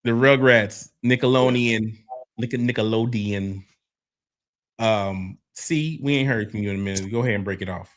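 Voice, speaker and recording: A man's voice: fairly low pitch, moderate pace. Loose, profane male podcast host. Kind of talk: casual chat.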